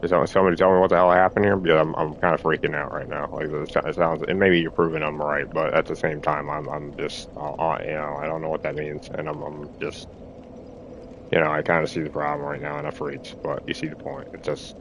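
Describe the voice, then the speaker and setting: A man rambling through a halting monologue, repeating himself, restarting phrases and swearing as he tries to reassure himself. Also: rumbling low, flat delivery, background noise. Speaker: streamer.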